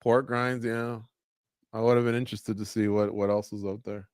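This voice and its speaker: A man co-hosting a live fight watch-along, chatting casually and telling stories with lively acted-out quotes. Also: on the low side, moderate pace, clear, resonant tone, no room sound, studio quality. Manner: animated storyteller, acts out quotes. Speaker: co-host.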